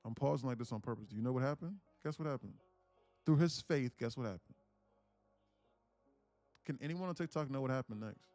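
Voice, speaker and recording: A man's voice: mid-range voice, fairly quick, long pauses, darkish tone, no room sound, faint music behind. A man hosting a live day trading stream who tells stories and swears freely. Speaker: day trading livestream host. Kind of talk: casual livestream talk.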